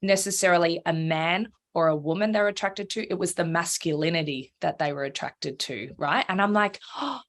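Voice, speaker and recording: Woman guest, frank and lively, swears, somewhat low voice. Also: brisk, hardly any pauses. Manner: frank, animated, swears freely, acts out her own inner voice. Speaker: podcast guest. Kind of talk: candid conversational interview.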